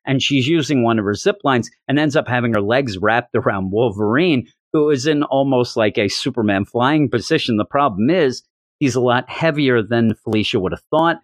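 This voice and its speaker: A man's voice: mid-range voice, animated, normal speed, dry recording. A middle-aged man casually and enthusiastically recapping a story, rambling, repeating words and acting out the dialogue. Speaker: comic book reviewer.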